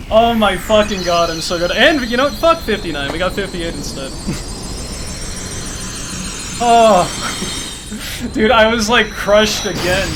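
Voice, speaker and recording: A young man streaming a speedrun, pleading and swearing at the game, then cheering excitedly. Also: sits high, noisy background. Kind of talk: live gameplay commentary. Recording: game music behind.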